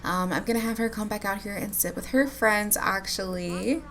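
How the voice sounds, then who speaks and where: Her voice is mid-range and fairly bright, moving at normal speed over slight background noise. She's a YouTuber giving casual commentary on a life-sim game, chatty and bubbly, often laughing with her viewers.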